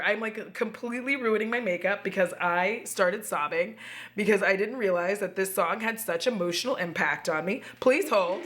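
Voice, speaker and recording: A woman's voice: medium pitch, normal speed, a bit bright. A woman vlogging at home, chatting expressively while doing her makeup and swearing freely. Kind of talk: casual chat to camera.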